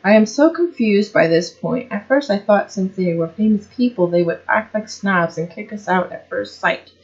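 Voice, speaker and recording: A woman's voice: mid-range voice, expressive, moderate pace, muffled recording. A woman reading a story aloud, with casual asides and frequent self-corrections.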